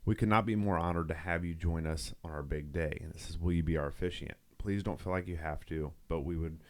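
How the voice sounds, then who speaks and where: A man's voice: low-pitched, fairly even intonation, brisk, darkish tone, dry recording. A middle-aged man, a nurse who co-hosts a podcast, telling a long story in casual chat, rambling with restarts and quoted dialogue. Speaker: podcast co-host.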